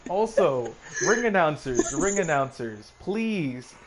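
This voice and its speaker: A man's voice: on the high side, sing-song, takes it slowly, noisy background. Laid-back male podcast host. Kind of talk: casual podcast chat.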